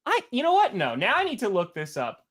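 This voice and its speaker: Male co-host, loose banter, laughs a lot, pitch jumps around. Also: wildly swooping pitch, quick pace, a bit bright. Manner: laughs often, trails off and restarts. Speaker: podcast co-host. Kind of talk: casual sports podcast banter.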